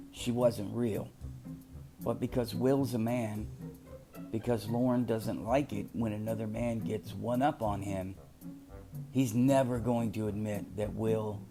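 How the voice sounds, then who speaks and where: A man's voice: on the low side, a little slow, gravelly. A middle-aged man hosting a casual commentary monologue, talking emphatically and drifting into anecdotes. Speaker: commentary channel host. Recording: music playing behind.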